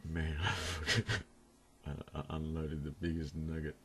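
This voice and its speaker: A man's voice: extremely low pitch, level tone, moderate pace, a bit bright, a little hiss or hum. A young man telling a crude story to his camera at home, rambling and laughing often as he talks. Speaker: vlogger. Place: room at home, indoors.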